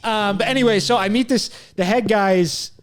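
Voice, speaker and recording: A man's voice: high voice, moderate pace. A young man hosting a podcast, rambling through a story in casual chat, swearing often and quoting himself. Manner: rambling, swears a lot, quotes himself, laughs at himself. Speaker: podcast host.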